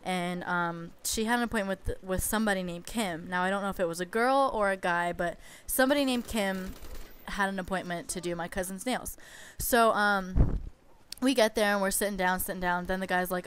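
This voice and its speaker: Young woman, casual storytelling, chatty, exasperated, medium pitch, faint noise behind. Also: fairly quick, fairly bright tone. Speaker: gamer telling a story over gameplay.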